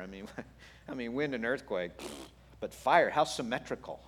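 A man preaching a sermon in an animated, playful way with wry humor. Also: lowish voice, normal speed. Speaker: pastor.

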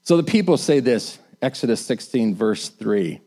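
Male preacher, animated sermon delivery with emphatic peaks. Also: mid-range voice, normal speed, hardly any pauses. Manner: animated, rising to emphatic bursts; acts out the complaining crowd in quoted lines.

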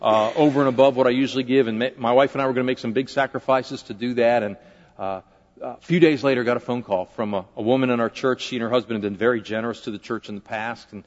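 A man's voice: mid-range voice, fairly even intonation, fast talker. A man, a pastor, preaching a conversational sermon in a large church sanctuary, often asking the congregation questions. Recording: dull lo-fi recording with long hall reverb.

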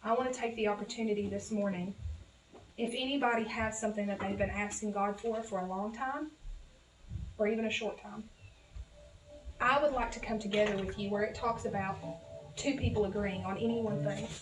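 A woman's voice: medium pitch, steady tone, brisk. A woman with a Southern accent preaching a sermon, talking casually to her congregation and building to fervent exhortation. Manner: conversational, addresses congregation as y'all. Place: church sanctuary. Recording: echoey church hall from a distance with music.

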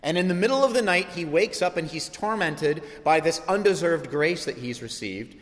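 A male pastor preaches with animated storytelling energy, his voice sitting a little high for a man. The sound carries a long reverb, as if he is recorded in a large church sanctuary. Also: normal speed. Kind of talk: sermon.

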